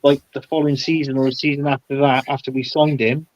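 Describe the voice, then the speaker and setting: A man's voice: medium pitch, level tone, quick pace, no room sound, lo-fi sound. A man guesting on a casual football chat show, giving blunt, heated opinions with lots of stumbling restarts. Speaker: podcast guest.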